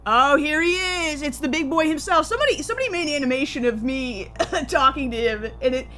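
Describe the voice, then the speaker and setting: A woman's voice: sits high, animated, pushed and bright. Giggly, rambling young woman gamer. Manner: goofy, rambling, quick to laugh. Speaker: gaming streamer. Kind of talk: let's-play commentary.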